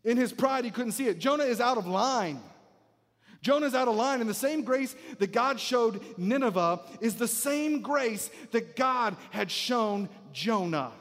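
A man preaching a sermon, emphatic and repetitive, often dropping to a near-hush to drive points home. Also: very high voice, animated, measured pace. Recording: long hall reverb.

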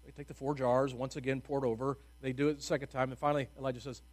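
A man preaching a sermon in a casual, humorous storytelling way, with sudden loud bursts of emphasis and hushed, quiet drops. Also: mid-range voice, level tone, fast.

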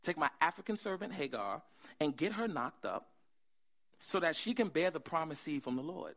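A man voicing Sarah as a weary wife who coaxes her husband in a low, hushed tone. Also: expressive, normal speed. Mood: coaxing.

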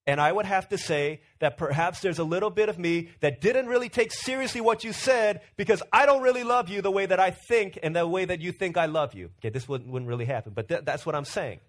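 A man's voice: high-pitched, animated, brisk, few pauses. A male pastor preaching in a casual, storytelling way, acting out quotes and using lots of fillers. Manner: storytelling with playful acted-out quotes and many fillers. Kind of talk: casual sermon.

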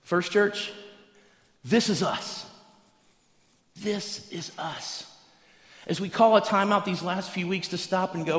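Male pastor, higher-pitched voice, animated sermon delivery, roomy echoing sanctuary. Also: slow pace, long pauses. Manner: animated storytelling, acts out voices in anecdotes. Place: large church hall. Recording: echoey hall, preached from a stage.

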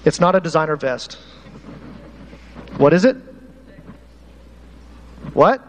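A man preaching a lively sermon to his congregation as pastor, animated and talking straight to the people in the pews. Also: a little high, slow pace. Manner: animated, uses props, talks to the congregation. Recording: hall reverb, faint room noise.

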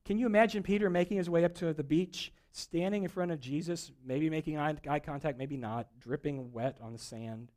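A man preaching a sermon, telling a story with acted-out dialogue and swings between loud emphasis and quiet moments. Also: fairly high pitch, brisk, hardly any pauses. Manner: storytelling preacher, acts out dialogue, rising and falling intensity. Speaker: pastor.

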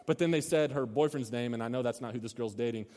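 This thirties-aged youth pastor talks fast in a mellow, mid-range voice. He delivers a laid-back sermon in a church hall, and his story keeps restarting and drifting into asides while the long hall reverb rings around him.

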